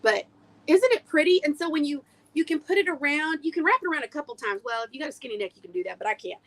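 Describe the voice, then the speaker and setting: A woman's voice: sits high, expressive, quick pace. A woman hosting a casual vintage haul livestream, a chatty storyteller who laughs often, on a webcam. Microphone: webcam on a video streaming app.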